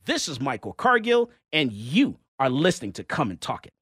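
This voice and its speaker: A man hosting a radio talk show, ranting in a casual, animated way with lots of fillers, recorded on a close studio mic. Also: mid-range voice, moderate pace. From Texas. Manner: animated, exasperated rants with many fillers.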